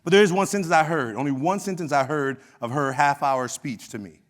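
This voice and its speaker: A man's voice: fairly high pitch, brisk. Storytelling man with an Oakland accent. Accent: Oakland, California. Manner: conversational, animated, acts out quoted dialogue. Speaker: keynote speaker. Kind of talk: storytelling keynote speech. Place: conference hall stage.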